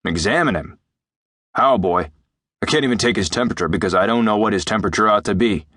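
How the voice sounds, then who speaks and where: Gruff elderly doctor, blunt, dry teasing, low voice, read by a man, dry close audiobook sound. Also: animated, fast talker, fairly bright tone, dry recording. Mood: brusque. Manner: brusque, dryly joking.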